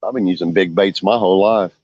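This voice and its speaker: A man's voice: deep voice, quick pace, a little mellow, dry recording. A man chatting casually while fishing by a lake at night, rambling and full of fillers. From Oklahoma. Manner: rambling, many fillers, storytelling. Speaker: vlogger, angler. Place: lakeshore outdoors at night. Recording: dull lo-fi outdoor audio.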